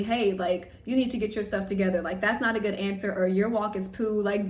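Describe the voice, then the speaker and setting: A young woman from Louisiana telling a story in a casual vlog, chatty and animated, full of "like" and "y'all". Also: medium pitch, distant mic. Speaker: pageant vlogger. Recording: roomy echo, voice a bit off-mic.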